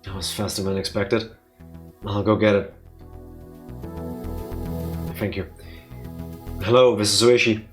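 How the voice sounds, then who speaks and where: A man's voice: fairly low pitch, steady tone, measured pace, long pauses, soft background music. A man hosting a let's play, reading a visual novel aloud with playful, joking asides.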